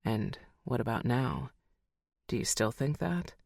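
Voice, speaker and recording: A woman's voice: a bass voice, lively intonation, measured pace, vocal fry, a little mellow, breathy edge, no echo, studio quality, voice pushed down, exaggerated voice. A woman reading the part of a reserved young man in an audiobook, terse and subdued, speaking in few words. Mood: quiet, guarded. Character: quiet, guarded young man, patient and reserved. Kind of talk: audiobook narration.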